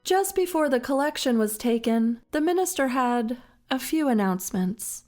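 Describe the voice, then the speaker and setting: A woman narrating a historical story in a slow, measured, dramatic way. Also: high-pitched, animated, a little mellow, soft background music.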